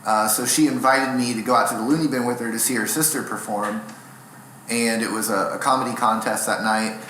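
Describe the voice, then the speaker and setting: A young man, a stand-up comic, talks through long, rambling, self-deprecating stories in a relaxed interview. His voice has a sharp, bright edge, and it rings around an echoey room with a faint hiss behind it. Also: medium pitch, brisk. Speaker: stand-up comedian, guest. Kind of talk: casual interview storytelling.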